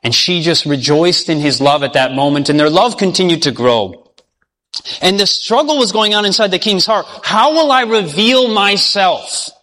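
Bright-voiced man telling a sermon parable. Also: on the high side, expressive, normal speed. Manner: earnest, with frequent restarts and repeated words. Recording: long hall reverb.

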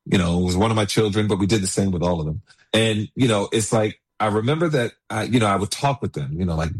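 A man's voice: lowish voice, fast, slightly rough. A man preaching a sermon in an earnest way, reading passages aloud and then speaking freely with many "you know"s. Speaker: pastor.

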